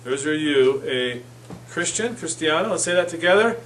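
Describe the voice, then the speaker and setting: A man's voice: on the high side, expressive, moderate pace, a bit bright. A man teaches a class in an easygoing, informal way, repeating phrases and correcting himself along the way. He is recorded from some distance in a classroom. Faint room noise sits behind his voice. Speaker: church Spanish class teacher.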